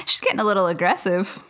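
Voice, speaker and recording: A woman's voice: medium pitch, expressive, fairly quick, bright, forceful tone. A woman co-hosting a casual chat, answering with dry, brief remarks. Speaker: co-host.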